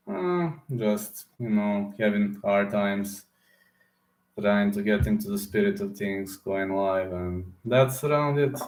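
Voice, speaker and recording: A man from Serbia, hosting a casual livestream with a hoarse throat and often pausing to search for words. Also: fairly low pitch, lively intonation, darkish tone, reverberant. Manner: halting, searching for words, many fillers. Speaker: livestream host answering chat.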